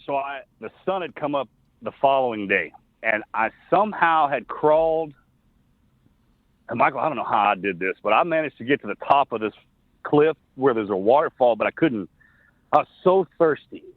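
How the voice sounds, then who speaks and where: A middle-aged man, a former soldier, tells a personal story as an interview guest. He is earnest and halting, often restarting his sentences. His voice comes through a thin, tinny phone line with no room sound. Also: medium pitch, animated, no echo. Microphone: phone call.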